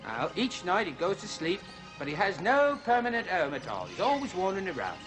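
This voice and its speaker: Goofy high zoo guide, sing-song, music under. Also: male voice, wildly swooping pitch, a little fast. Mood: chirpy lecture. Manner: folksy lecturing, "you see", "mate". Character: zany zoo-show host Bawana Clyde, male.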